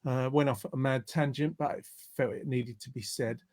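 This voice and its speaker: A man's voice: medium pitch, steady tone, normal speed, a little mellow. A man hosting an online show over a video call, reading out viewer comments in a chatty, rambling way, often restarting his sentences. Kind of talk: casual live-stream chat, reading out viewer comments.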